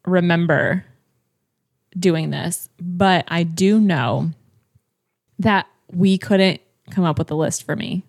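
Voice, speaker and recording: Giggly, foul-mouthed woman co-host, a little high, rambling, on a dry close mic. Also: slow pace, vocal fry, long pauses, no echo. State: high on marijuana. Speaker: podcast co-host. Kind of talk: casual chat.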